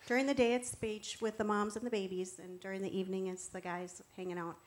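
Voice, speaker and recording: A woman giving a personal faith testimony as a church co-founder. She tells the story earnestly, moving between hushed reverence and lively warmth as she talks through her slides. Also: medium pitch, fast.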